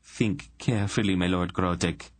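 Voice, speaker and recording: A man voicing a sly female royal adviser who speaks with smooth, purring menace. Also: low-pitched, moderate pace, no room sound, studio quality, lightly acted. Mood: silky threat.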